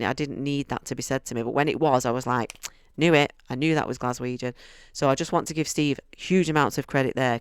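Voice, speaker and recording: Man, book reviewer, chatty and enthusiastic; crisp, dry voice. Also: medium pitch, dry recording. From United Kingdom. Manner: chatty and enthusiastic, restarts sentences often.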